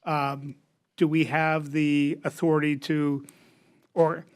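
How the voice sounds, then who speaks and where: A man's voice: on the high side, flat delivery, slow, clear, resonant tone. A man serving as deputy mayor who asks staff a question in a thoughtful, hesitant way. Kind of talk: council discussion.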